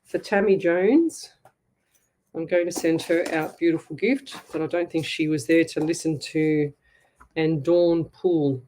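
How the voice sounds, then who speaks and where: A woman's voice: low-pitched, a little slow, mellow, a little hiss or hum. A middle-aged woman, a psychic medium, chatting casually with viewers on a live stream from home, laughing often. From Australia. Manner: chatty, laughs often, talks to her pets. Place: at home at a desk with a camera.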